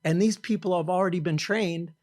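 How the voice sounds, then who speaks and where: A middle-aged company founder appears as a podcast guest, telling self-deprecating stories in a casual conversation and acting out people's thoughts in different voices. His voice sits high, brisk and a little mellow, recorded cleanly in a studio with no echo; he laughs and restarts often.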